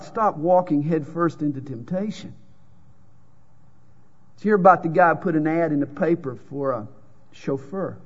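Southern-drawling preacher, reverberant hall. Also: male voice, a little high, breathy edge. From American South. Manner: folksy preaching with jokes and scripture readings. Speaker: pastor. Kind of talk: sermon. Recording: dull lo-fi sound with long hall reverb.

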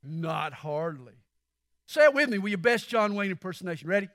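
A man pastor preaching a sermon with emphatic delivery that swells toward near-shouts, putting questions straight to his congregation. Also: sits high, animated, rapid-fire, no echo, clean studio sound.

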